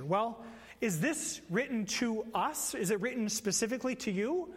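A man preaching in a church, his fairly high voice carrying a long hall reverb. He talks in a conversational, animated way, slipping into playful storytelling asides. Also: moderate pace, husky. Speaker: pastor. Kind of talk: sermon. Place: church sanctuary.

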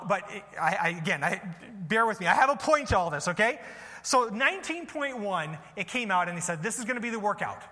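A man's voice: high voice, bright, forceful tone, big-room sound. A man, a pastor, giving a casual sermon with jokes and asides to the congregation.

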